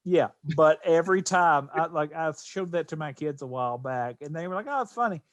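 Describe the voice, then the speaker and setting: A man co-hosting a podcast, chatting casually about movies, quick to jump in. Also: fairly high pitch, dry recording. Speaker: podcast co-host.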